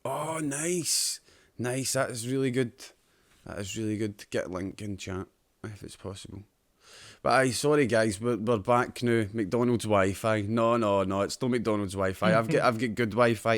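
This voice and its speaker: A man's voice: on the low side, normal speed, dry recording. A man with a Scottish accent hosting a casual podcast, emphatic and swearing a lot. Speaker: podcast host. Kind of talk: casual chat.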